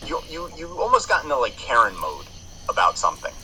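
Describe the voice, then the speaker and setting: A man's voice: mid-range voice, wildly swooping pitch, fast talker, sharp tone, slight background noise, rough recording. A man in casual podcast chat, swearing freely and telling stories with frequent restarts. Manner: profane, rambling storyteller with many restarts.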